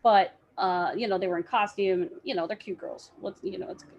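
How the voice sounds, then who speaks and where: With a mid-range voice and a fairly quick pace, a young cosplayer chats casually as a podcast guest. She tells a story animatedly, performing the voices of its characters. The highs in the recording are cut off.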